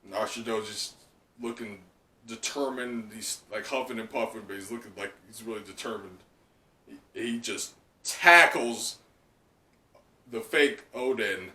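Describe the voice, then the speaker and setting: A man hosting a casual live reaction, excitable and laughing often, with plenty of fillers and swearing. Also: medium pitch, measured pace, creaky. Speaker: channel host. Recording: echoey room, mic at a distance.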